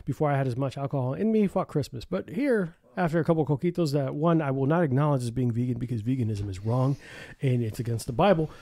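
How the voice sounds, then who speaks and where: A man's voice: mid-range voice, fast, mellow. A man hosting a podcast in casual chat, boisterous and laughing often as he swears freely. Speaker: podcast host.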